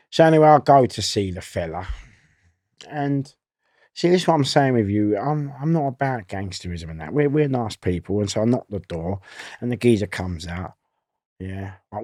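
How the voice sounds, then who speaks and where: A man, telling a rough anecdote in a casual chat and laughing at his own story. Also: on the low side, animated, normal speed, no room sound, clean studio sound. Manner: gravelly, laughs loudly at own stories. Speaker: guest storyteller.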